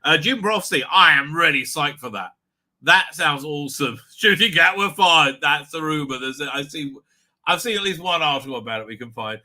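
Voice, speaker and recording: Middle-aged male stream host, higher-pitched, very sharp tone, rambling and profane. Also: expressive, moderate pace. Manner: laughs often. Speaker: livestream host. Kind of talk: casual live chat.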